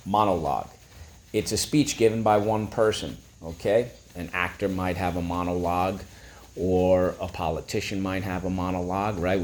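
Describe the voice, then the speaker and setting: A man's voice: sits low, a little mellow. A man teaching a phonics lesson, breaking words into syllables and prompting listeners to repeat.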